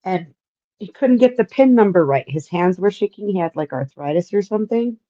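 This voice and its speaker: A woman in casual chat telling an indignant, unhurried story. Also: mid-range voice, expressive, dark tone. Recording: dull, lo-fi sound.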